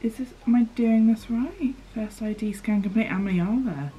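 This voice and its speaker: With a slightly high, dark-toned voice at moderate pace, a young woman from the United Kingdom vlogs an unboxing. She swears casually, chats, and frequently whispers while reading the screen aloud; there's a little hiss or hum.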